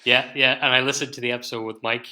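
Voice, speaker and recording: An Irish man whose accent leans a little American chats easily as a podcast guest. His voice is mid-pitched and noticeably bright, relaxed, and quick to break into laughter. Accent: slightly American-sounding Irish. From Ireland, born in New York. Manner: easygoing, laughs often. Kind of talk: casual interview chat.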